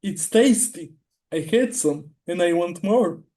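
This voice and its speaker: A man playing a tabletop game speaks in a high but soft, mellow voice. He takes his time, stretching out short replies at a slow pace. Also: animated. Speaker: player. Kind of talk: casual tabletop play.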